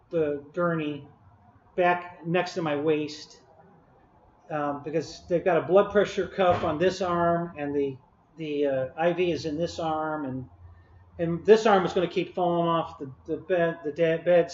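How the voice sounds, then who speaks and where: Rambling man telling a story to live chat. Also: on the high side. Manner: rambling, with many restarts and chuckles. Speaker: live stream host. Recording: echoey room, dull lo-fi audio.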